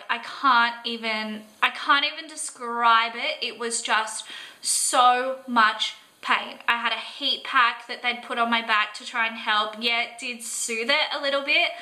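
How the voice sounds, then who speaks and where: A woman's voice: a little high, sharp tone, rough recording. A young Australian woman vlogger telling a personal story to camera, earnest and emotional, full of "like" and "um".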